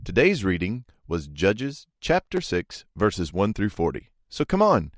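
A man's voice: low-pitched, wildly swooping pitch, unhurried. A man hosting a podcast, giving earnest, conversational commentary on a Bible reading and sometimes acting out the people in the story. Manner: earnest, conversational, acts out quoted voices. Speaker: podcast host.

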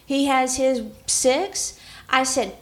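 A woman's voice: sits high, takes it slowly, roomy sound. A woman telling stories in a casual chat about relationships, laughing often as she talks. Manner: chatty storyteller, laughs often.

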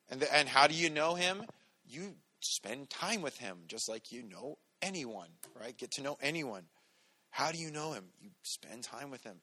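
A man, a pastor, giving a relaxed, conversational sermon with everyday stories. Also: mid-range voice. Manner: relaxed, storytelling, talks to the congregation directly.

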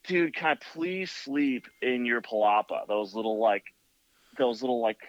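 A motorcycle builder telling a long story in casual chat, full of "like" and "you know.". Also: male voice, medium pitch, unhurried, no room sound. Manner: rambling, filler-heavy with many "like" and "you know". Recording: dull lo-fi, dry sound.

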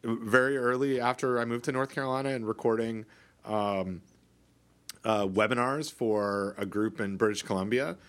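A man's voice: mid-range voice, steady tone, moderate pace, a bit bright. A middle-aged Canadian man co-hosting a podcast in casual chat, rambling with many restarts and fillers. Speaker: podcast co-host.

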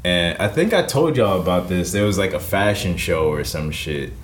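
A man's voice: deep voice, lively intonation, moderate pace. A man co-hosting a casual podcast, telling a rambling story in a laid-back way, full of "like" fillers. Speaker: podcast co-host. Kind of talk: casual chat.

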